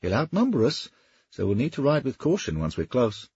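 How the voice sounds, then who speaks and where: A man voicing a coarse, boastful veteran knight who bellows and scorns, with a husky voice. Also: medium pitch, wildly swooping pitch, a little fast, a little mellow, no room sound, dull audio, pitched above the performer's own voice, exaggerated voice. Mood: impatient.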